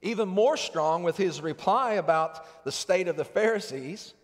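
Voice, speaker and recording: Man, pastor, high voice, earnest conversational sermon, long church reverb. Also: lively intonation, normal speed. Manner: earnest, conversational preaching with rhetorical questions. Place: church sanctuary.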